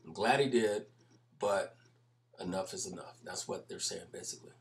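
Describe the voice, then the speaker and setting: A man's voice: deep voice, moderate pace, creaky. A man commenting over video clips, explaining at length in an emphatic manner and repeating his points.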